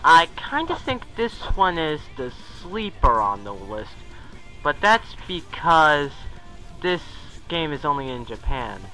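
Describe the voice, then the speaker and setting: Young man, rambling casual commentary, bright tone, somewhat high voice. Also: big pitch swings, takes it slowly, soft background music, poor audio. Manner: chatty, rambling, self-correcting. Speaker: video commentator.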